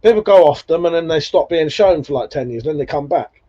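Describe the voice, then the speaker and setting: Brisk and mellow, his voice sitting a little high and animated, the man runs a laid-back livestream where he reads viewer comments and swears openly between bursts of laughter. It's captured in dull, lo-fi stream sound.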